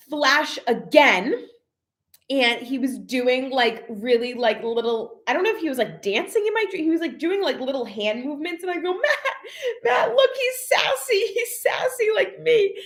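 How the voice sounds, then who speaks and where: A young adult woman vlogs in a casual live chat, reading viewer comments with plenty of emotion and lots of "like" fillers. Her fairly high voice is sing-song, a bit bright, and paced normally.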